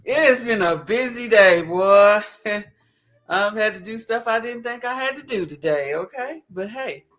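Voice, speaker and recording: A woman's voice: a little high, lively intonation, takes it slowly, pauses often, a bit bright. A woman hosting a casual crypto livestream, chatty and rambling, often giggling.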